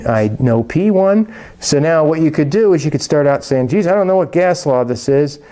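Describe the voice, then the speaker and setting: Mellow-voiced man teaching chemistry. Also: mid-range voice. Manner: chatty, self-correcting, jokey asides. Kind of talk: casual lecture.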